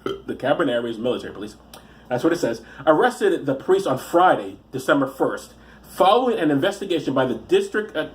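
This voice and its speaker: A man giving profane comic commentary on news stories, rambling and halting, with frequent restarts and asides. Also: a little high. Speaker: comedian reading the news.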